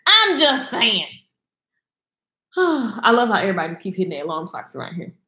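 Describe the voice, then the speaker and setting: A woman's voice: medium pitch, sing-song, moderate pace, pushed and bright. Blunt, sassy woman in an echoey room. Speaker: host of a live video chat. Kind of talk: casual live-stream chat. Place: indoors at home.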